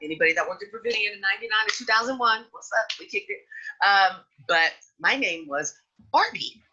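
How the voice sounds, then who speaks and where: A woman hosting a podcast in casual chat, outspoken and frank, with an animated delivery. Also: medium pitch, a little fast, breathy edge, muffled recording. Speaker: podcast host.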